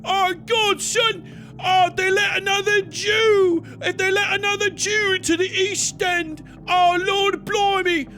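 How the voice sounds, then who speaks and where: A man's voice: extremely high pitch, steady tone, takes it slowly, bright, forceful tone, faint music behind, voice pushed up, heavily acted. A man voicing a whining, panicky British man who wails in melodramatic despair. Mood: wailing. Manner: wailing, melodramatic, mock-despairing.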